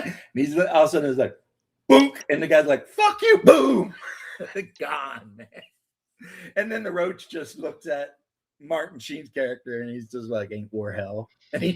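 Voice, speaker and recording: Husky man telling rambling stories. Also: mid-range voice. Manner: rambling storyteller, acts out quotes, swears, laughs. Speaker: host. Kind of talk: casual chat.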